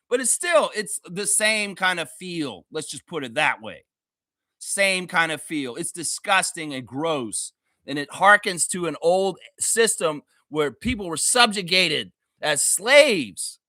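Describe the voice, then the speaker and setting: Hosting a livestream for sports fans, a man delivers profane, angry, sarcastic rants full of swearing, then relaxes into laughter and casual talk. His voice is extremely high, pushed and bright, and the studio-quality recording is dry.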